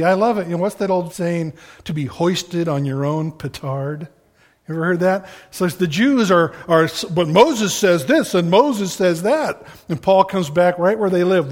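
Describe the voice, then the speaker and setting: A middle-aged man preaching a sermon as pastor, animated and acting out the voices of the people he quotes. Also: fairly high pitch.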